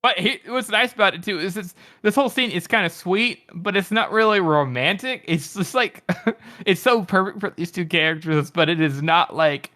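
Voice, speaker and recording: A man's voice: high voice, moderate pace, sharp tone. A man co-hosting a podcast, chatting about a book with playful, laughing commentary. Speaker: podcast co-host. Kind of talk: casual book discussion.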